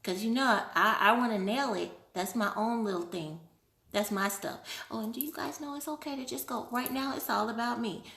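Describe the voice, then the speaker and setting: A woman hosting a casual live stream, playful and animated, laughing often while she answers viewer questions. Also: on the high side, normal speed, vocal fry, roomy sound. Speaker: livestream host.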